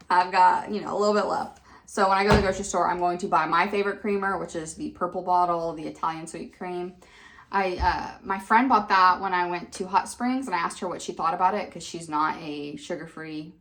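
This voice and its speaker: A woman's voice: lowish voice, fairly bright tone. A woman in her thirties chatting casually as a vlogger, encouraging and self-deprecating. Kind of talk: casual chat.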